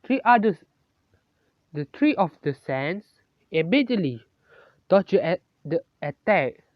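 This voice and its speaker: Slow, halting improvised story narrator. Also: medium pitch, sing-song, no echo, dull audio. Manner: halting, correcting itself mid-sentence.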